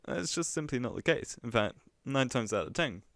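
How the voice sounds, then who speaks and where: A man streaming live reactions in a chatty, mocking way, his laughter breaking in often. His pitch swings widely as he talks. The sound is dry and close to the mic. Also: expressive, a little fast, dry recording. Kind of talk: casual reaction commentary.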